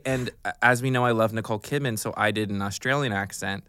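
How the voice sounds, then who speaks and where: A man, an actor, telling an anecdote on a podcast, animated, often chuckling, and acting out the voices in his story. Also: on the low side, fast, hardly any pauses, no room sound, clean studio sound. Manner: chuckles often while he talks. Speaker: actor guest.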